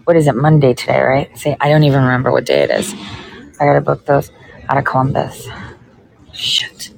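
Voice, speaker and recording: A woman's voice: extremely low pitch, expressive, a little fast, vocal fry, darkish tone, poor audio. A woman, a political podcaster, in a casual ranting monologue full of sarcasm, profanity and mocking asides.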